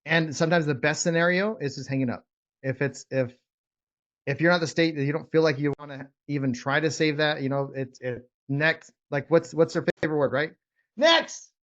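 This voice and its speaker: A man's voice: on the high side, lo-fi sound. A man coaching real estate investors in casual, rambling talk, repeating words as he goes. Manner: rambling, repeats words, drops to whispers to demonstrate. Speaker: real estate trainer leading a call.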